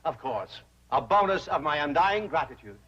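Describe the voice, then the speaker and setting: An actor playing a fussy, greedy older banker who talks in a pompous, flowery, wheedling way. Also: male voice, fairly high pitch, big pitch swings, moderate pace, fairly bright tone. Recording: dull old TV soundtrack.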